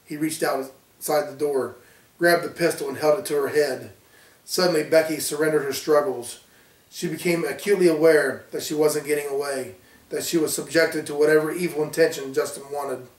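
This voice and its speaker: A man reading his own horror story aloud with a steady storytelling delivery. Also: fairly high pitch, normal speed. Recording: roomy, distant from mic.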